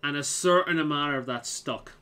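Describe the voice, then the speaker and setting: A man's voice: fairly high pitch, moderate pace, bright, forceful tone. A young man from Liverpool with a mild Scouse accent and a slight American twang, rambling and swearing casually while he plays a game. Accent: mild Scouse with some American twang. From Liverpool, England. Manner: rambling, sweary, self-mocking. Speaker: gaming video creator.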